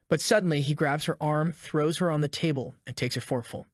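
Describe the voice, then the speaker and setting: Recap narrator, man, brisk and playful, fairly high voice, dry close sound. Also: no echo. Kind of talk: scripted story recap narration.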